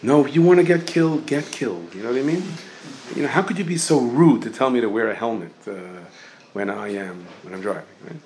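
A man's voice: lowish voice, fairly quick, slight background noise. A man teaching an informal Torah class, telling stories and jokes and sprinkling in Hebrew and Yiddish terms. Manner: lively storytelling, mixes Yiddish and Hebrew terms.

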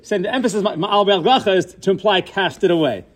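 A man's voice: sits high, fast. A man giving a Torah lesson, posing questions and answering them, weaving Hebrew terms into his English. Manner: inquisitive, poses questions then answers them; mixes Hebrew and Yiddish-style terms into English. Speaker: Torah teacher. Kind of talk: Torah class lecture.

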